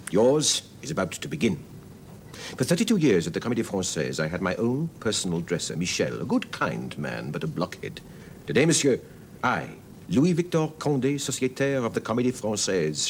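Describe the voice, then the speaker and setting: A man's voice: sits low, gravelly, slight background noise, exaggerated voice. An older man playing a retired stage actor in a period TV drama, speaking in a grand, courtly, theatrical way.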